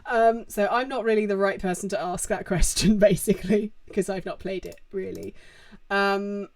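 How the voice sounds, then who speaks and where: A woman's voice: medium pitch, fairly even intonation, normal speed, darkish tone, no room sound. A young woman chatting casually on a live-stream Q&A at home, rambling through viewer questions with lots of fillers into a desk microphone.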